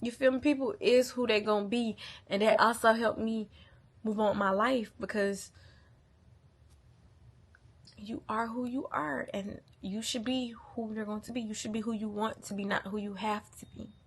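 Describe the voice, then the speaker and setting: A woman's voice: fairly high pitch, fairly even intonation, normal speed, husky. A young woman, a mother, talking candidly and bluntly to the camera, swearing often and repeating lines for emphasis. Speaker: mother venting on a channel. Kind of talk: candid casual venting monologue.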